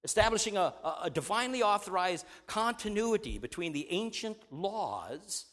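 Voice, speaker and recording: A man's voice: high-pitched, animated, normal speed, a bit bright. A man preaching, reading a scripture passage aloud and teaching from it, often asking his listeners questions. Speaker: pastor. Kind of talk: Bible reading and sermon teaching.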